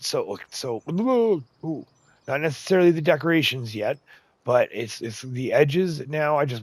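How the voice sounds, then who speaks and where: An adult man talking through a game build in a relaxed, chatty way. His voice sits at an ordinary middle pitch, and he mutters and coaxes to himself, breaking into bursts of excitement as things work out. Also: dry recording. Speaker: gaming channel host. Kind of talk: casual game tutorial commentary.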